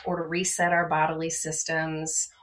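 A woman from Maryland, a podcast guest talking about wellness, energetic and emphatic, often tacking on a rhetorical "right?". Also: low voice, normal speed. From Maryland, USA. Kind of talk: podcast conversation.

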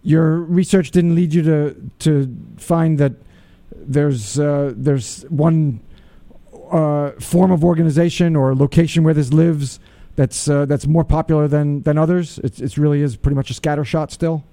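A male radio interviewer with a very warm, dark timbre and a slightly raised pitch. He asks his question slowly and haltingly, and the sound is close and dry. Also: fairly even intonation, no echo.

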